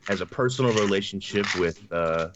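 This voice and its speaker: Male co-host, wry and relaxed, lower voice, dull call sound. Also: a little fast, noisy background. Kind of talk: casual chat on a livestream.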